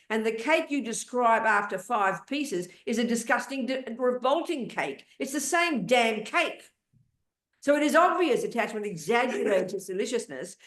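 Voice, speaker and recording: A woman's voice: fairly high pitch, fairly bright tone. An older woman teaching Buddhist ideas in a blunt, emphatic way, cutting in on her student with questions. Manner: blunt, interrupting, emphatic, talks over the questioner. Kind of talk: dharma teaching, question and answer. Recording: roomy echo.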